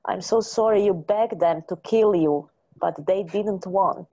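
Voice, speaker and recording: A woman's voice: mid-range voice, measured pace, warm tone, lo-fi sound. A woman leading a guided healing session, chanting short words over and over and giving phrases for her guest to repeat. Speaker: spiritual healer.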